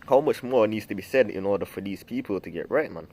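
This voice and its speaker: A man's voice: lowish voice, animated, fairly quick, few pauses, mellow. A man preaching from scripture in a loose, rambling way, full of fillers, restarts and the word "man". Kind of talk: informal scripture teaching.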